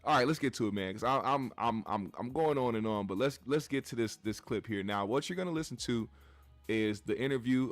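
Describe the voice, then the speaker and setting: A man's voice: on the low side, dry recording. A man hosting a commentary show, talking bluntly and with plenty of profanity straight to his live chat audience.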